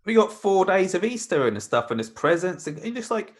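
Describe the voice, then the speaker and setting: A man's voice: high-pitched, fairly quick. A man moaning in casual podcast chat, acting out quotes as he tells stories. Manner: moaning, animated storytelling with acted-out quotes. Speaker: podcast co-host.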